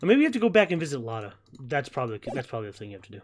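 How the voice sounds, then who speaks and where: A man's voice: mid-range voice, sing-song, rapid-fire. A man streaming a game and chatting casually with viewers, rambling and often repeating words. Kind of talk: casual let's-play chat. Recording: game music behind.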